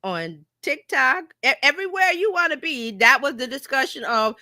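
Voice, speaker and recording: A woman hosting a casual livestream chat as a marketing coach, talking in an animated way and slipping into playful quoted voices. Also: high-pitched, normal speed, no echo, clean studio sound. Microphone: home streaming mic.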